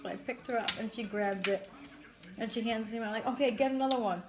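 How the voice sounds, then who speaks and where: A woman's voice: mid-range voice, fairly even intonation, quick pace, noisy background. A woman hosting a casual eating stream, chatty and swearing freely as she tells stories. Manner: chatty storyteller, swears casually, laughs often. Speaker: mukbang host. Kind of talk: casual chat while eating.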